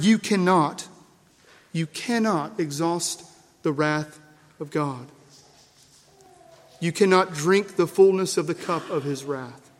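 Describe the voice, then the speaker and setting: Man preaching in a church, kinda high voice, slow and emphatic, lots of hall echo. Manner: emphatic, measured preaching with repeated phrases and dropping cadences. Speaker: pastor. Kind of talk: sermon. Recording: long reverb of a church hall.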